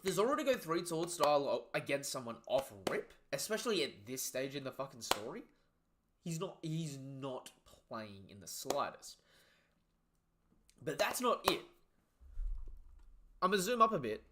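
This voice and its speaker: A man giving excited, profanity-laden live commentary while reading through a comic chapter and chatting to viewers. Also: on the high side, normal speed, pauses often, noisy background. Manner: excitable, swears freely; reads the panels aloud as he goes. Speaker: live reaction streamer. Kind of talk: casual live reaction commentary.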